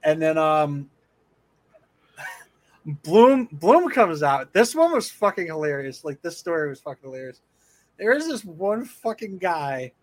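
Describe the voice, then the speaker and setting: A man's voice: fairly high pitch, big pitch swings, measured pace. A young man hosting a podcast, telling rambling stories in casual chat with lots of swearing and filler words. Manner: profane rambling storytelling. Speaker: podcast host.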